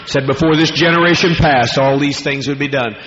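A man's voice: a little high, a little fast, a bit bright. A man preaching at a healing service, cursing freely and barking commands at the congregation. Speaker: preacher and faith healer. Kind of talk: fiery healing-service sermon. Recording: dull lo-fi archive recording in a reverberant hall.

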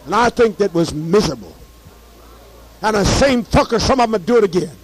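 A high-pitched man with a hoarse edge tells his story in a heated, profane monologue. He piles on curses and repeats phrases as he builds from a grumble to a shout. The delivery is fiery and unpolished. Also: lively intonation, brisk, low-quality recording.

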